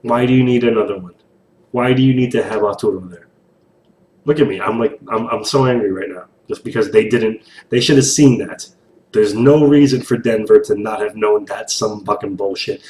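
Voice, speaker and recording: A young man in casual reaction commentary while painting, animated, rambling and swearing a lot, recorded on a distant mic in an echoey room with faint hiss. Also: on the low side, normal speed. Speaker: reaction video host.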